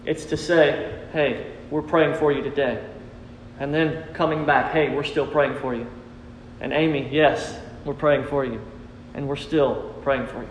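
A man's voice: mid-range voice, fairly even intonation, unhurried, slight background noise. A man preaching a sermon as pastor to his congregation, earnest and repetitive, calling on listeners to respond. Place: church sanctuary. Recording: roomy hall reverb.

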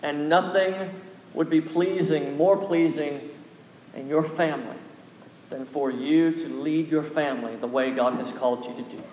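A man delivers a sermon in a fairly high voice, pressing his point again and again with an exhorting preacher's cadence. The sound is roomy, with a long reverb tail from a large hall. Faint ambient noise sits underneath. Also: fairly even intonation, normal speed, a little mellow. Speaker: pastor.

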